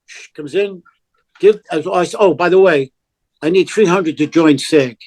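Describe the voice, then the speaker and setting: An older man, telling a story as a podcast guest, animated and blunt, acting out the dialogue of the people in it. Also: a little high, moderate pace. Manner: animated, acts out quoted dialogue, blunt and profane. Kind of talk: casual storytelling.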